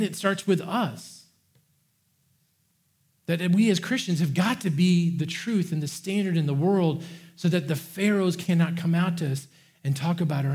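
A man preaching with fervor, his voice sitting a little higher than most men's. He repeats phrases and stumbles over restarts as he drives each point home. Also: darkish tone. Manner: impassioned, repetitive preaching with many restarts. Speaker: pastor. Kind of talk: sermon.

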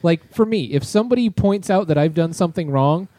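A man co-hosting a casual podcast chat, laid-back and joking, quick to argue his point. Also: fairly high pitch, expressive, warm tone, dry recording. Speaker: podcast co-host.

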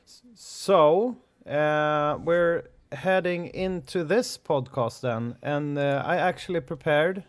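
Halting Swedish-accented male podcast host. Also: on the high side. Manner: halting, many restarts, laughs often. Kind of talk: casual chat.

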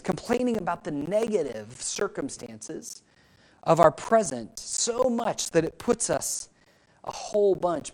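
Expressive woman preaching a sermon. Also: poor audio. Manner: expressive preaching, pitch and volume rising on emphasis; speaks directly to the congregation with questions. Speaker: pastor.

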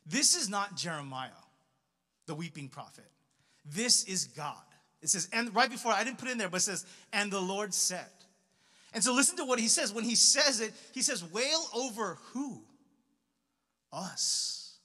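A young man delivers a sermon in a high, bright voice, talking casually with lots of "like" and restarts. His voice rings out with a long reverb. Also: expressive, moderate pace. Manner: casual, conversational preaching with many fillers and restarts. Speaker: pastor. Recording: reverberant hall.

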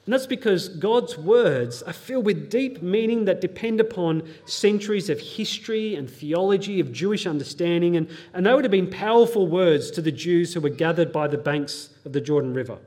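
A man's voice: high voice, normal speed, few pauses, a little mellow. A man preaching a sermon, teaching earnestly, reading scripture aloud and adding light pop-culture asides. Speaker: pastor.

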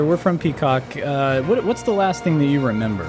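A man's voice: on the high side, big pitch swings, brisk, music in the background. A man playing a tabletop game, asking hesitant, polite questions in a casual way. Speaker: player.

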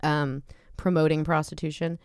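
Woman, low voice, dry close mic, candid chatty co-host. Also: little pitch movement, normal speed, a little mellow, clean tone, no echo. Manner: candid, chatty, lots of "like" fillers. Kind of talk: frank casual chat.

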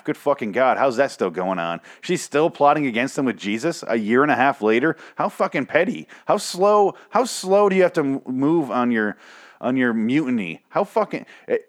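A young man hosting a solo review podcast, profane and sarcastic, his voice weak and strained. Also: medium pitch. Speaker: podcast host. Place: home room with dogs. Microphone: desk microphone.

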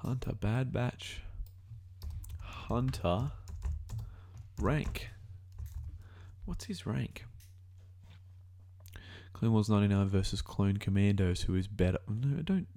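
A young Australian man with a somewhat low voice and a dark tone talks through a casual reaction video at a slow pace, leaving long pauses. He muses aloud, rambling from one thought to the next and correcting himself mid-sentence.

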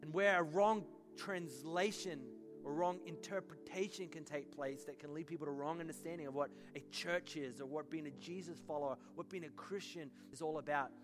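A man in his thirties preaching a sermon as pastor, animated and rising to fervent peaks. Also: fairly high pitch, normal speed, hardly any pauses, music in the background.

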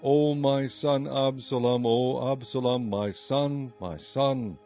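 A grieving old king speaks in a slow, lamenting voice that is dark and mellow, as a man reads him aloud. The dry, slightly muffled recording has faint music underneath. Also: mid-range voice. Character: grieving old king mourning his son.

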